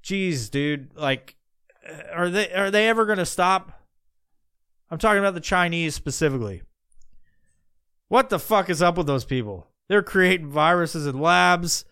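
A man's voice: high-pitched, unhurried, sharp tone, clean tone, no echo, studio quality. A man hosting a podcast, rambling in a casual monologue, swearing often and restarting his sentences. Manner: rambling, profane, musing aloud with many restarts. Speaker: podcast host.

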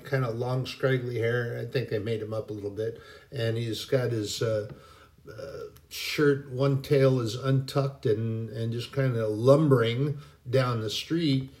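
A man giving a casual devotional talk in a folksy, rambling way, with many pauses and restarts. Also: medium pitch, darkish tone. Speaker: Christian speaker.

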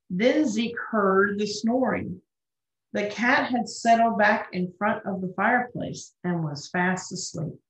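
Slow, gentle woman reading a children's story. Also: medium pitch. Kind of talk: children's story read aloud. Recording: roomy, dull lo-fi recording.

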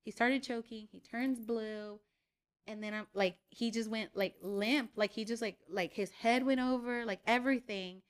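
Animated woman telling a story. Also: fairly high pitch, normal speed, clear, resonant tone. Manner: animated storytelling, lots of "like" and swearing. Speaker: podcast co-host. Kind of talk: casual chat.

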